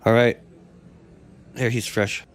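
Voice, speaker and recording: A man's voice: medium pitch, level tone, slow, a little hiss or hum. Casual man narrating as game master. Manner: casual, graphic storytelling. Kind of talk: narrating a role-play game.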